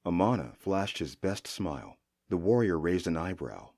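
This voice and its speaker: A male audiobook narrator with a low, husky voice, telling a fantasy tale in an expressive way. His tone is dark and mellow, and his pitch moves in a lively way through the sentences. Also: moderate pace. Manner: expressive storytelling delivery.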